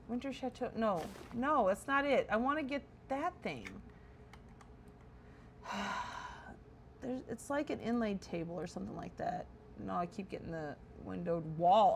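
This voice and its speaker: A woman's voice: mid-range voice, big pitch swings, unhurried, slight background noise. A woman streaming casual commentary while touring a player-built game house, chatty and full of wonder, correcting herself as she goes.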